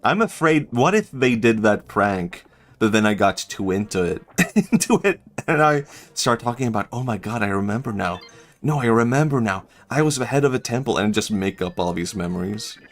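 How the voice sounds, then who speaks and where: A man's voice: fairly low pitch, big pitch swings, moderate pace. A young man streaming a game, chatting casually, rambling and laughing often as he jokes. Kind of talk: casual gaming stream chat.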